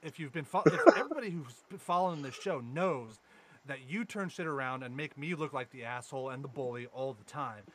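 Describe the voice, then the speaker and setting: A podcast co-host trades casual banter, telling profane, rambling anecdotes and mocking his friends. He speaks a little fast in a mid-range voice, with slight hiss or hum in the recording.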